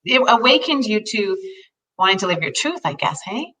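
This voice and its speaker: A woman's voice: mid-range voice, sing-song, moderate pace, far from the mic, poor audio. A woman hosting an interview, prompting her guest with casual questions. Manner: warmly prompting, reacting with short affirmations. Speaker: host.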